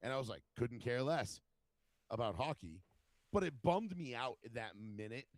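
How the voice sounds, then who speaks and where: A man's voice: medium pitch, moderate pace. A man talks in a mid-range voice, swearing freely and acting out quoted voices as he tells stories. The sound is dry and close, with no room echo. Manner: profane, animated storyteller acting out quotes. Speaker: podcast co-host. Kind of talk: casual chat, storytelling.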